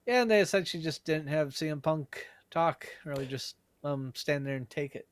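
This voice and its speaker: A man's voice: on the high side, normal speed, dry recording. A man co-hosting a casual wrestling podcast, laid-back and mostly giving short replies. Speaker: podcast co-host.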